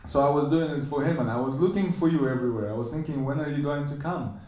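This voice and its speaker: A man giving a temple lecture, animatedly telling a story and acting out the characters' quoted lines in a higher voice. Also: fast, darkish tone. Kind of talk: storytelling sermon. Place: temple hall. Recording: echoey room, voice from a distance.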